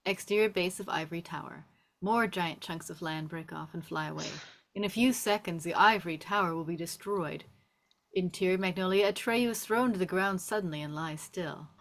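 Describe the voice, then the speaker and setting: Low-pitched woman reading stage directions. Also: normal speed. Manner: descriptive, steady reading. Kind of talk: table read narration.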